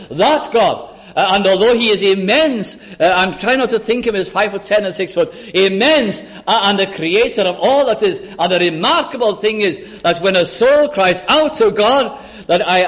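A man preaching a sermon, impassioned, slowing to stress words and dropping to a hushed voice when he voices a pleading sinner. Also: sits high.

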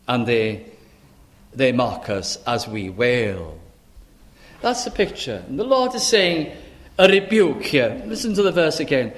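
A male minister delivers a sermon in a voice pitched on the high side. He pleads earnestly, stacking up rhetorical questions and quoting scripture in its old wording. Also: big pitch swings, unhurried.

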